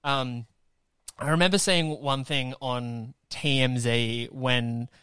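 Smooth-voiced Australian guy, sweary and animated. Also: mid-range voice, slow pace, no echo, clean studio sound. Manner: animated, swears freely, rants. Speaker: podcast host. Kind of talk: casual chat.

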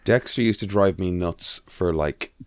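A man's voice: low-pitched, a little slow, darkish tone, no echo, studio quality. A man chatting casually on a podcast, blunt and swearing. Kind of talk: casual chat.

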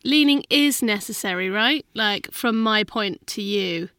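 Bright, giggly young woman. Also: medium pitch, unhurried, no room sound, clean studio sound. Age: young adult. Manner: giggly, rambling, unfinished sentences. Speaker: podcast co-host. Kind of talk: casual chat.

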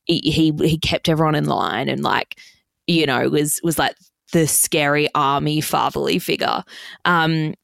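A young woman hosts her podcast with a low, gravelly voice that keeps sinking into fry. She rambles casually through her stories, swearing freely and filling every pause with "like." The sound is dry and close, with no room around it. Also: no room sound. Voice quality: vocal fry. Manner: chatty, sweary, heavy use of "like". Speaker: podcast host. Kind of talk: casual storytelling monologue.

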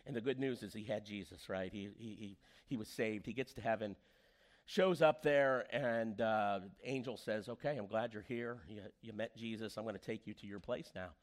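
A man's voice: fairly low pitch, normal speed. A man preaching a sermon as pastor, telling stories and acting out the quoted voices. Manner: animated storyteller, acts out quoted voices.

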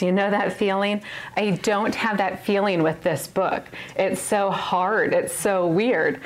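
A woman's voice: medium pitch, steady tone, measured pace. A woman in her thirties giving a personal testimony to a women's Bible study, earnest and emphatic, often laughing at herself.

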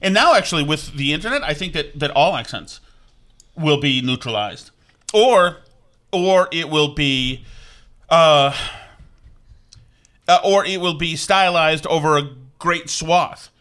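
A middle-aged Vermonter chats casually in an unhurried way with long pauses, rambling and circling back through restarts and asides. His voice is a little high for a man, bright and forward.

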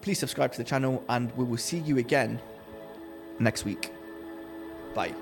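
A man co-hosting a podcast, telling a story in casual chat and acting out the quotes with lively energy. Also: mid-range voice, normal speed, gravelly, music in the background. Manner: animated storyteller, acts out quotes. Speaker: podcast co-host.

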